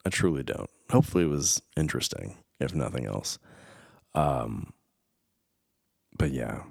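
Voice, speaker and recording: A man's voice: rumbling low, expressive, measured pace, vocal fry, a little mellow, slightly rough, no echo, clean studio sound. A man, a father and podcast host, telling a meandering, self-deprecating story in casual chat. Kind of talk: casual rambling monologue. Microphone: studio microphone.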